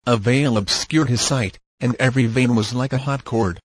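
A man narrating an audiobook in a steady, measured reading voice. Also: medium pitch, husky, no echo.

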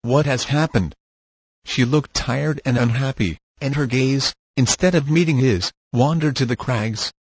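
A man narrating a novel in a measured, steady reading voice. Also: medium pitch, slightly rough, no echo, low-quality recording. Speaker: audiobook narrator. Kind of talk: scripted narration.

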